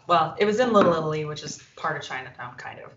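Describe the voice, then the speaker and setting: A woman's voice: low voice, fast talker, background noise. A woman in her forties, a podcast co-host, telling a long anecdote in casual chat and acting out the voices in it. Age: 40s. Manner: animated storyteller, acts out voices in anecdotes. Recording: roomy, distant, dull lo-fi sound.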